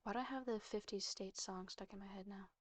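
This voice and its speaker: A woman's voice: mid-range voice, fairly even intonation, fairly quick, no room sound. A woman chatting casually with viewers on a live stream while she crochets, answering them and saying goodnight. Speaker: livestreamer.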